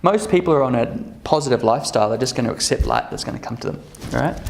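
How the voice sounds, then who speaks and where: Chatty man with a gravelly voice in an echoey room. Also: mid-range voice, lively intonation, rapid-fire, a little hiss or hum. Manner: chatty, checks in with the group using frequent "okay?" and "right?". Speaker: workshop presenter. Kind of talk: casual workshop talk to a live group.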